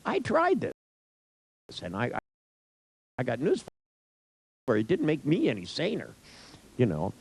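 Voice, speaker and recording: A man's voice: mid-range voice, wildly swooping pitch, unhurried, gravelly, pauses often, slightly rough, poor audio. A middle-aged man telling an anecdote in a wry, irreverent way, swearing freely. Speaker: storyteller. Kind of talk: profane anecdotal storytelling.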